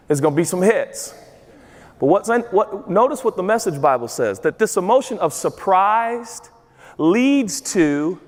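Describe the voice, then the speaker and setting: Animated high-voiced male pastor preaching. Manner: animated, acts out voices for comedic emphasis. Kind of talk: sermon. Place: large church auditorium with a congregation. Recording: long reverb of a large church hall.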